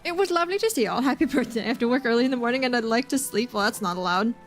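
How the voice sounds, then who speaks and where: Young woman, high voice, game streamer; giggly, rambling chatter with her chat, faint music behind. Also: expressive, very fast. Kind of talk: live gameplay stream chat.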